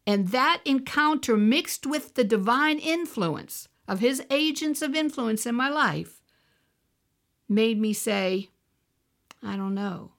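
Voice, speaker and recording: A woman's voice: a little high, animated, slow. A woman ministering, telling a personal testimony in an earnest storytelling way and acting out the voices she quotes. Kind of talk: testimony sermon.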